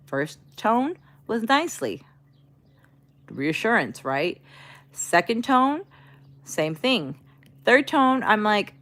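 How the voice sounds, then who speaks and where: A woman's voice: a little high, very animated, takes it slowly, long pauses, a bit bright. A woman chatting casually on a livestream, venting in an exasperated way and talking back to her chat.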